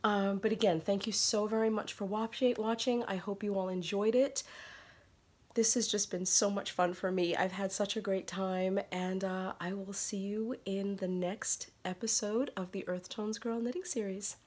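A woman's voice: medium pitch, fairly even intonation, moderate pace, darkish tone. A woman in her thirties hosting a casual knitting tutorial, chatty and apologetic, laughing often as she explains.

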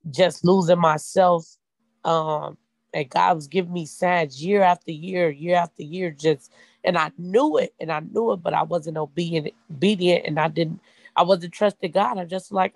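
A man shares his story with a church group, hesitating and restarting as he speaks. His voice is gravelly and a bit high. The room sound is dry and close. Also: no room sound, low-quality recording. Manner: hesitant, many fillers and restarts. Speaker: class member sharing. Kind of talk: personal testimony.

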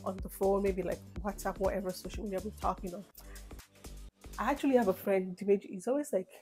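Talking fast at medium pitch over faint background music, a young Nigerian vlogger with a Nigerian accent rambles through a get-to-know-me video. She's chatty and casual, tossing in lively asides.

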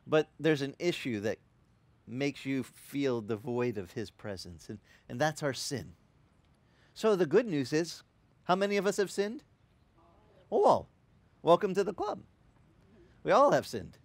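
Male pastor, sermon delivery, animated storyteller, slightly raised pitch, dry close mic. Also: unhurried, long pauses, no echo. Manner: animated storytelling with acted-out quotes. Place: church.

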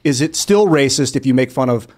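A man's voice: mid-range voice, expressive, brisk, darkish tone. A man with a mid-range voice on a casual podcast panel. He thinks aloud as he goes and asks questions of the other panelists.

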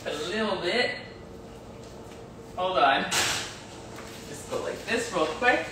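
A woman's voice: fairly low pitch, animated, slow pace, echoey room, background noise. A woman chatting casually with viewers on a live stream from her home kitchen, playful and laughing often, talking into her phone. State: sore neck.

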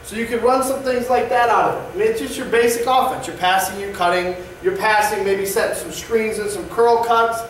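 A man's voice: sits high, a little fast, few pauses, a little hiss or hum. A male basketball coach explaining offense plays in an instructional presentation, often checking in with "all right?". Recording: echoey distant room mic.

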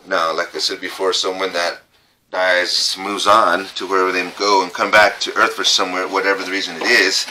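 A middle-aged man exploring an old abandoned trailer on a casual ghost-hunting vlog, talking in a halting, folksy way and repeating his words. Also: deep voice, flat delivery, bright, forceful tone, a little hiss or hum. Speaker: paranormal vlogger.

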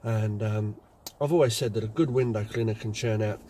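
A man's voice: lowish voice, fairly quick, warm tone, a little hiss or hum. A man, a window cleaning business owner, telling anecdotes in a chatty casual vlog. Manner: chatty, anecdotal, many fillers.

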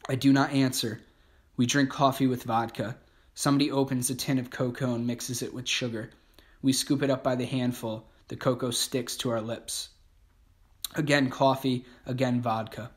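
A man narrating an audiobook in a slow, measured way. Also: medium pitch, flat delivery.

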